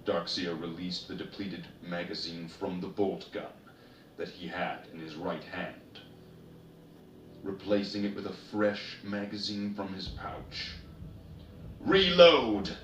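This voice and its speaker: A man narrating a story in a measured, steady way. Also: sits low. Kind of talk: story reading. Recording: roomy, distant, noisy ambience.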